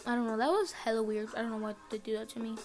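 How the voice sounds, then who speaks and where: A woman's voice: on the high side, very fast, darkish tone, faint music behind. A teenage girl chatting alone on her podcast from her bedroom, rambling and swearing casually. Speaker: podcast host. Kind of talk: casual solo podcast chat.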